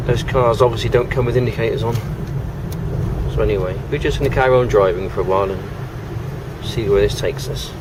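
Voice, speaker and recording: A man's voice: medium pitch, normal speed, pauses often. A man giving a casual, teasing commentary while driving, repeating silly catchphrases from inside a moving car. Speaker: vlogger filming a drive. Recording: loud road and engine noise.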